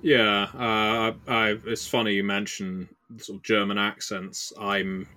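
A man co-hosting a podcast who talks in a measured, hesitant way in casual chat. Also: lowish voice, level tone, bright, forceful tone, no echo. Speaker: podcast co-host.

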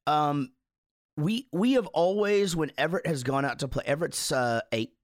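Rambling, chatty man on a podcast with a fairly high voice. He tells loose stories full of swearing and chuckles, and the sound is dry and close with no room echo. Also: moderate pace. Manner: rambling, profane, laughs while telling stories. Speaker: podcast co-host. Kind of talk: casual storytelling chat.

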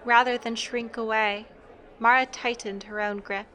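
A woman narrating a scripted story in an even, measured way, with faint instrumental music behind. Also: on the high side, slight background noise.

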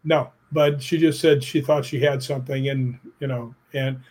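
A middle-aged man, a stunt performer, telling an animated story in a casual interview, often tagging his sentences with "right?". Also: mid-range voice, moderate pace. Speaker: stuntman and actor, guest.

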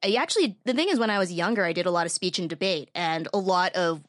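A woman's voice: on the low side, fast, fairly bright tone, no echo. Thoughtful woman explaining in a dry studio. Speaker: podcast guest, journalist. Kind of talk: casual panel chat.

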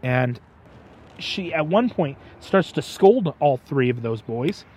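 A man's voice: fairly high pitch, animated, takes it slowly, darkish tone, slightly rough. Eager young man retelling a story. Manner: passionate retelling, stumbles over repeated "and". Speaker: guest, host's son. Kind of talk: casual storytelling chat.

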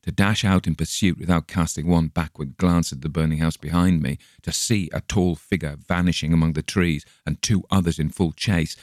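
A man reading a classic story aloud as an audiobook narrator, measured and dramatic. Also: deep voice, fairly even intonation, no room sound, clean studio sound.

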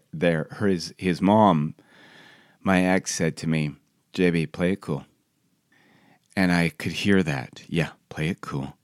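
A man's voice: very deep voice, no room sound, studio quality. A man reading his own personal essay aloud in a wry, reflective, conversational way.

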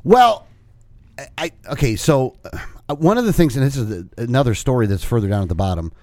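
A man's voice: mid-range voice, animated, a little fast, a little mellow, no echo. Rambling podcast co-host man. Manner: rambling, restarts, reads news aloud. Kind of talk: casual chat.

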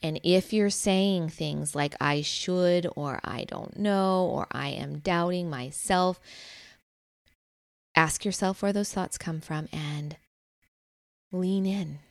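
Gravelly low-voiced woman podcast host. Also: slow, dry recording. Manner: earnest and encouraging, laughs easily. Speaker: podcast host and life coach. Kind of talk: solo spiritual podcast monologue.

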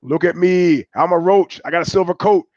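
A man's voice: high-pitched, moderate pace, darkish tone, dry recording, voice pushed up, lightly acted. A man voicing a mocking, sing-song male rock singer cast as a roach, chanting the same phrases. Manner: sneering, chanting repeated phrases. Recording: dull, dry lo-fi stream audio.

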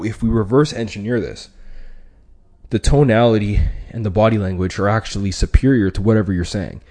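Brief: male podcast host, lowish voice, casual slangy explainer. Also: a little mellow. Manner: conversational, many restarts, slangy. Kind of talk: casual instructional talk.

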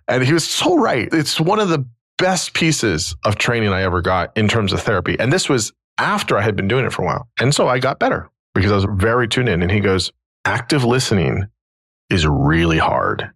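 A man with a low, gravelly, husky voice tells a story in a relaxed, chatty way. He is middle-aged and sounds like a podcast host. The sound is close and dry. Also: a little fast, no echo. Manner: animated storyteller, quoting others in his own voice. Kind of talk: casual storytelling conversation.

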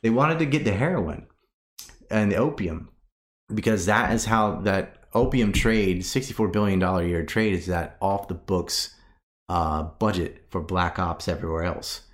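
Deep-voiced man, animated and profane. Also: normal speed. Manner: animated, profane, rising to outraged bursts. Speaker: podcast guest. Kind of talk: casual conversation.

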